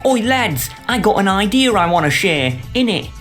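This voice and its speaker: A man's voice: high-pitched, expressive, normal speed, fairly bright tone, faint music behind, voice pushed up. A man voicing a scheming, slangy British businessman in a put-on cockney accent. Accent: put-on London cockney. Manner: slangy, conspiratorial, pushy.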